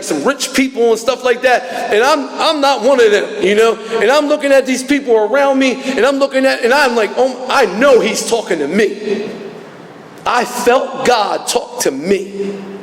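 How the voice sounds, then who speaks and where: A man in his forties giving an earnest, emotional personal testimony at a recovery meeting, recorded in a large hall. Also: extremely high pitch. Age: 40s. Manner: earnest, emotional, rising to fervent. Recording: echoey hall recording from a distance.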